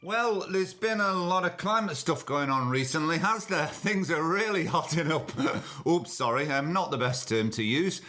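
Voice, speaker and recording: A man's voice: on the high side, expressive, moderate pace, bright, forceful tone. A man hosting a podcast, delivering a sarcastic, mocking comedic rant. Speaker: podcast host. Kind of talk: comedic ranting monologue.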